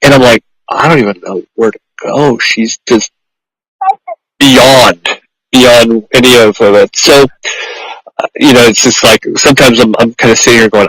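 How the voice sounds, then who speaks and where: A man hosting a podcast, speaking effusively and haltingly with many repeated words. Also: mid-range voice, fairly bright tone, no room sound, rough recording. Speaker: podcast host, pet groomer. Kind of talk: conversational interview.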